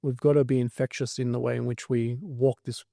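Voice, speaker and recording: A man's voice: mid-range voice, little pitch movement, a little fast, vocal fry, warm tone, dry recording, studio quality. An Australian man co-hosting a podcast, chatting in an upbeat, enthusiastic way. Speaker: podcast co-host. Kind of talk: casual chat.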